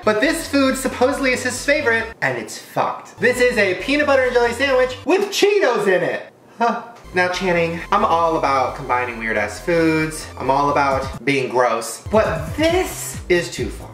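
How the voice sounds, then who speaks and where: A young man hosting a comedic food-tasting vlog, crude and exaggerated, swinging between loud outbursts and mutters. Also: fairly high pitch, big pitch swings, normal speed, echoey room, soft background music. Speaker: vlogger.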